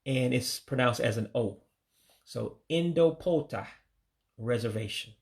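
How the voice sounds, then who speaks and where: An American man giving a casual vocabulary lesson, saying each word slowly, repeating it, then giving its English meaning. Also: mid-range voice, level tone, gravelly. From United States. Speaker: language learner teaching vocabulary.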